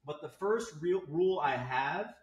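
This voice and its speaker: Man, fitness coach, profane comic rant, brash and mocking, high-pitched. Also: lively intonation, a little slow, dull audio. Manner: brash, crude, swearing, mocking. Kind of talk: profane comedic rant to camera.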